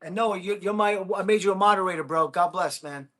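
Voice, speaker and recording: Excitable high-voiced American man streaming. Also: brisk. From United States. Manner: excitable, thanks viewers, whoops. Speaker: livestream host. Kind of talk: casual livestream chat.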